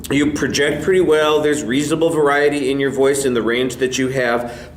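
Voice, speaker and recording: A male speech instructor giving candid, measured spoken feedback to a student in a classroom. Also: medium pitch. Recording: echoey room, faint hum.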